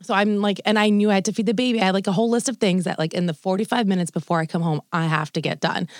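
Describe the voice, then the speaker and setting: A young woman co-hosts a casual podcast and tells a long story in a chatty, animated way. She acts out what people said, swears and laughs along the way. Her voice is close and dry, in the middle of the female range. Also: medium pitch, racing, no room sound. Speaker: podcast co-host. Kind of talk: casual chat, long anecdote.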